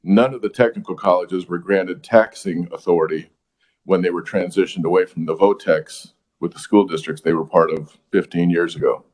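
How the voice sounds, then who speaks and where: A man, a college president, giving steady, explanatory testimony to a legislative committee. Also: sits low, normal speed.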